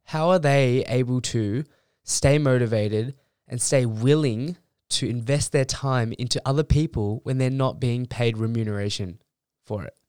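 A man's voice: mid-range voice, a little slow, darkish tone, clean tone, no room sound, studio quality. A young man, a university student, ranting bluntly and heatedly in a casual monologue, swearing freely. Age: young adult.

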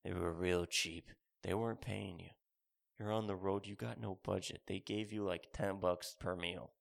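A man's voice: sits low, steady tone, normal speed, vocal fry. A man in his thirties delivering a rambling, sarcastic, profane comedic rant as a podcast host.

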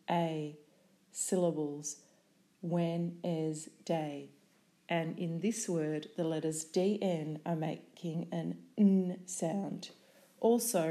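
A woman teaching a spelling lesson, saying each sound and syllable slowly and carefully. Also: fairly low pitch, mellow.

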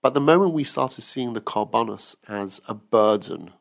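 A man's voice: medium pitch, lively intonation, normal speed, gravelly, few pauses. A man giving an earnest weekly Torah talk who tells stories and acts out the quotes. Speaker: rabbi teacher.

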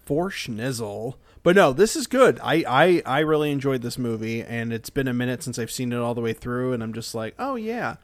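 A man's voice: mid-range voice, fairly quick, hardly any pauses, no room sound. A man in a casual podcast chat, jokey and sarcastic, trading playful remarks. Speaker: podcast co-host.

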